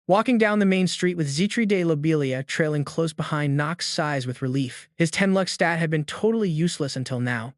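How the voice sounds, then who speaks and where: A man narrating a fantasy comic recap in an even, steady scripted reading. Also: fairly high pitch, no echo, studio quality.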